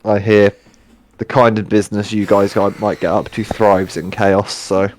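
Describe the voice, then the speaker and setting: A man's voice: fairly low pitch, level tone, unhurried, a little hiss or hum. A man playing in a tabletop game, chatting casually with a wry, joking manner. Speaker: player.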